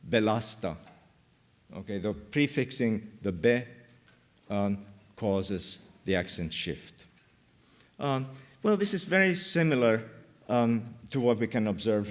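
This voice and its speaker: An older man lecturing at an academic conference, speaking very slowly and working through his points with frequent "um" and "uh" pauses. His voice sits fairly low, and it jumps up in pitch whenever he reaches a key term or an example. The delivery is thoughtful and unhurried, in the style of a university talk. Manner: hesitant, many "um" and "uh" fillers. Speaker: linguistics lecturer.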